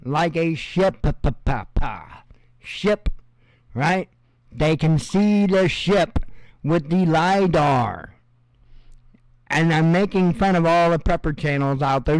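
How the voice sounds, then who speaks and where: A man's voice: a little high, slow pace, clean tone, no room sound. A male host giving rambling, sarcastic commentary on the news, with mocking asides.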